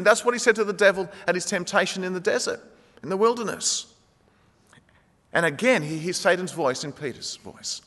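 A man preaching a sermon, animated, acting out the quoted speech of the people in his story. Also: high-pitched, brisk. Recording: long hall reverb.

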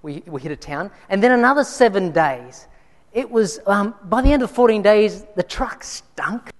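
A man's voice: high voice, expressive, normal speed. A man preaching a sermon in a church, telling a personal story in a conversational way with frequent restarts. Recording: long hall reverb.

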